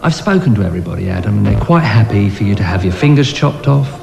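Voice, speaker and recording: An actor playing an unflappable asylum doctor, breezy and matter-of-fact. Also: male voice, on the low side, animated, fast, creaky. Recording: echoey room with music behind.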